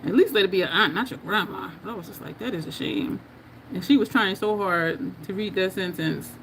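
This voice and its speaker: A woman's voice: mid-range voice, brisk, vocal fry, a bit bright, a little hiss or hum. A woman hosting a casual makeup livestream, chatting, laughing often and reading viewer comments aloud. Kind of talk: casual livestream chat while doing makeup.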